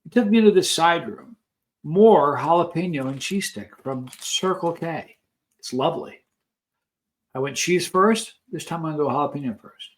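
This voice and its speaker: A man's voice: fairly high pitch, normal speed. A man vlogging, telling a long personal story in a chatty, anecdotal way while he tries snacks. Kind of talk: casual storytelling while taste-testing snacks.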